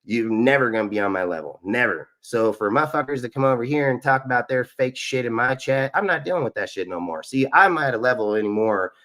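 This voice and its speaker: A man's voice: medium pitch, expressive, fairly quick, hardly any pauses, a bit bright. A man hosting a live sports stream, ranting in an aggressive, profane and boastful way. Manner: boastful, repetitive. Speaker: sports show host.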